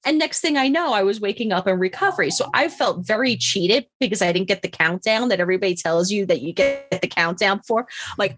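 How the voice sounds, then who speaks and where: A woman's voice: medium pitch, moderate pace, a bit bright, breathy edge. A middle-aged woman telling a story in a casual monologue, blunt and profane, mocking herself and laughing often.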